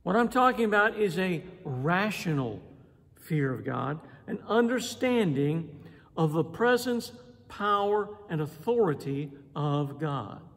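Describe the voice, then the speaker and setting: Husky-voiced preacher man in a reverberant hall. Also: on the high side. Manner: animated preaching with dramatic voices and emphatic pauses. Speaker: pastor. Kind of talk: sermon.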